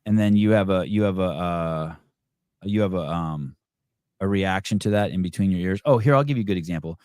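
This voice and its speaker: A man's voice: sits low, a little fast, a little mellow, clean tone, no room sound. A man hosting a podcast in casual chat, rambling and profane, often restarting his sentences. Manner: many restarts and fillers. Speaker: podcast host.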